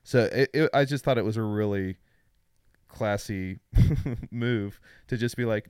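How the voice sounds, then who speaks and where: Male podcast co-host, enthusiastic and rambling, smooth dry delivery. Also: on the low side, a little slow, a little mellow, dry recording. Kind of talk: casual film chat.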